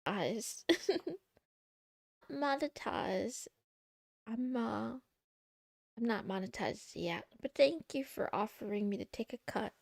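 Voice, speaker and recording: A young woman streaming from home, chatting casually with her viewers in a playful way, with the odd meow and high squeals when she gets excited. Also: unhurried, vocal fry, dry recording, clean studio sound. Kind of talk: casual chat with live chat.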